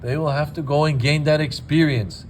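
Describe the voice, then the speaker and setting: A man's voice: a little high, steady tone, normal speed, slight background noise. A man demonstrating dental lab work in a casual teaching style, with joking asides. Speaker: dental technician. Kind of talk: hands-on demonstration. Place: dental laboratory.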